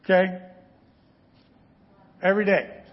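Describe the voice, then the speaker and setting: A man preaching a sermon, telling stories with lively asides and frequent "right?" checks to the congregation. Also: sits high, slow, lo-fi sound.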